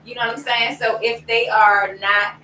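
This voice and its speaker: A woman's voice: a little high, fairly even intonation, moderate pace, bright, forceful tone. A woman in a casual group discussion, talking things through reflectively and acting out her own past outbursts. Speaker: panel guest. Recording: roomy, distant mic with faint noise.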